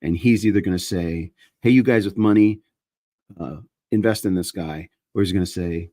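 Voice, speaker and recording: Man, low husky voice, dry close sound, rambling host monologue that keeps restarting. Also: normal speed, mellow, dry recording. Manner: meandering, self-interrupting, restarts sentences. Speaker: host of a live chat stream. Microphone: handheld microphone he moves around.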